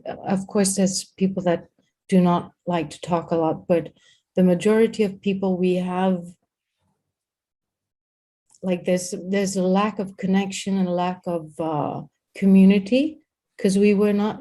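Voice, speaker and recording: Energetic woman coach, mellow voice. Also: fairly low pitch. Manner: energetic, repeats words, talks to a co-host. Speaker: host and communication coach. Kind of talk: live-streamed coaching talk.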